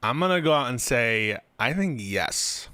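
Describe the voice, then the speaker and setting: A man's voice: mid-range voice, sing-song, measured pace, pushed and bright, dry recording. A man hosting a stream, reacting casually and thinking aloud about a legal question. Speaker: streamer host.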